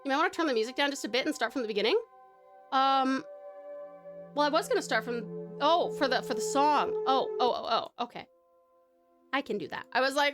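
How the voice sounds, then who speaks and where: A woman's voice: high voice, brisk, pauses often. A bubbly Australian woman chatting with her stream audience and reading stories, laughing often. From Tasmania, Australia. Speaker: streamer and story narrator. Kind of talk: live-stream chat and story reading. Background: background music.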